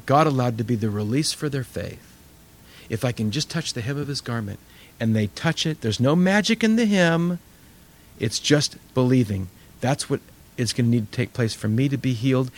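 Middle-aged male pastor, conversational sermon delivery, animated storyteller. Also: medium pitch.

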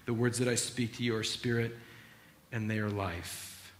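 A man preaching a sermon as pastor, acting out Bible scenes in an animated, storytelling way. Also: fairly low pitch, normal speed, echoey room, slight background noise.

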